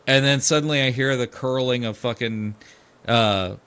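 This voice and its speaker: A middle-aged man, a podcast host, telling a family story casually, animated and swearing freely as he acts out the quoted voices. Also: mid-range voice, moderate pace, clear, resonant tone.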